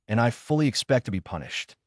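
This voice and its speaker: A man voicing a young male ninja who is cool-headed but quick to anger. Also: mid-range voice, big pitch swings, dry recording, clean studio sound. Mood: calm.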